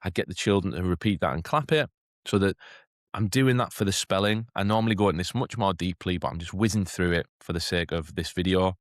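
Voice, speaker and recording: A man giving a chatty teacher training talk, often checking in with "okay?" and lifting into a bright classroom voice to demonstrate. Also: sits low, a little fast, no room sound, clean studio sound. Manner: chatty, keeps asking "okay?".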